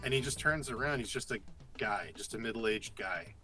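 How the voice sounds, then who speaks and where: A man co-hosting a casual conversation, telling a story with lively energy and cursing freely. His voice has a bright, forceful edge. Faint music plays in the background. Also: on the low side, normal speed. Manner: animated storytelling, swears freely. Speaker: podcast co-host. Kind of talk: casual chat.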